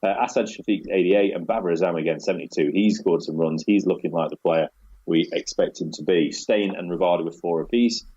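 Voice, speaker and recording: Low husky guy on a podcast, dark mellow tone, dull lo-fi sound, chatty and laughing a lot. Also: brisk. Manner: chatty, laughs often, rolls through match scores. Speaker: podcast host. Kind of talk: casual cricket chat.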